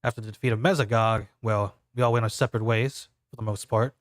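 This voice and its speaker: A man voicing a stern veteran ranger mentor, measured and a little exasperated, as game master of a tabletop game. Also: lowish voice, steady tone, no room sound, clean studio sound, close to an everyday voice. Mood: explaining.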